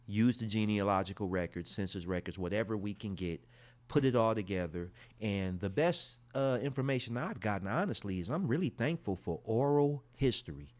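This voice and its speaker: Deep-voiced guy from the states chatting through his results, chill and slangy. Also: a little mellow, dry recording. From United States. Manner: laid-back, conversational, slangy asides. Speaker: vlogger. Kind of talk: casual reaction commentary.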